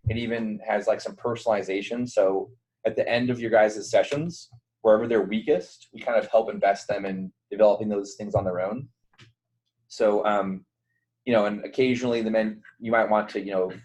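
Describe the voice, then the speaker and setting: A man's voice: on the low side, a little mellow, poor audio. A young man giving a casual online training to volunteer mentors, loose and conversational, with lots of fillers and restarts. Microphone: computer mic on a virtual call.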